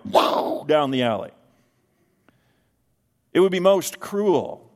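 A middle-aged man, a pastor, preaching a sermon with slow, emphatic stresses in a church sanctuary. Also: on the high side. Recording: long hall reverb.

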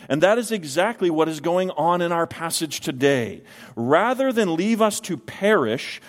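A middle-aged man, a pastor, preaching a sermon with slow, emphatic stresses in a church sanctuary. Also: fairly high pitch. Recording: long hall reverb.

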